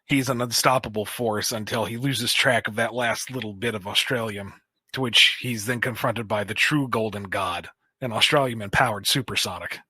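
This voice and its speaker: Bright-toned playful man on a podcast. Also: fairly low pitch, moderate pace, breathy edge, no room sound. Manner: playful, spins silly scenarios. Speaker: podcast host. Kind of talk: casual podcast chat.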